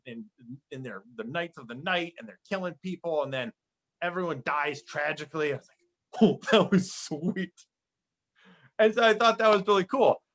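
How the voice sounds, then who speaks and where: A man's voice: medium pitch, bright, forceful tone, rough recording. A young man chatting as a podcast guest, rambling with many fillers and restarts. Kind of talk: casual chat.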